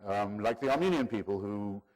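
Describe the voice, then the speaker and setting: Wry low-voiced male lecturer. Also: expressive, a little mellow. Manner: measured, wry, digressive. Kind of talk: public lecture.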